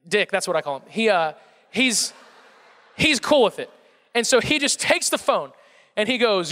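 Bright-voiced man telling comic stories. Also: high voice, a little fast. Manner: animated, self-mocking, playful exaggeration. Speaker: speaker addressing a live audience. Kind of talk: comic storytelling talk. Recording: long hall reverb.

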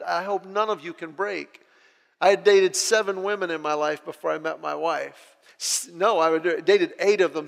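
A middle-aged man telling funny personal stories to an audience in an animated, self-deprecating way, often restarting his phrases. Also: high-pitched, vocal fry, long reverb tail. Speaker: speaker sharing a personal testimony. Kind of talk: humorous personal storytelling.

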